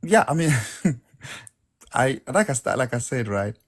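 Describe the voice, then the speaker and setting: A man's voice: medium pitch, sing-song, slow pace. A man with a mid-range voice, talking things through on a casual chat podcast. He explains earnestly and keeps defending his point. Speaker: podcast co-host. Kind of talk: casual debate.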